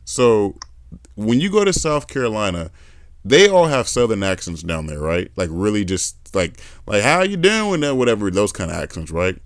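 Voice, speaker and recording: A young adult man hosting a podcast, chatting casually and telling animated stories with accent imitations. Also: fairly low pitch, moderate pace, no echo, clean studio sound. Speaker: podcast host. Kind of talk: casual conversation.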